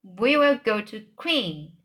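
A woman reading the lines of an excitable, bold little girl in a children's book read aloud. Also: fairly high pitch, slow pace, full character voice. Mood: eager.

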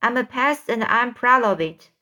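A woman's voice: on the high side, lively intonation, moderate pace, bright, forceful tone, pitched above the performer's own voice. A woman voicing a cheeky, boastful male centipede who proudly calls himself a pest, in a storybook reading. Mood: gleeful. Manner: gleeful, boastful.

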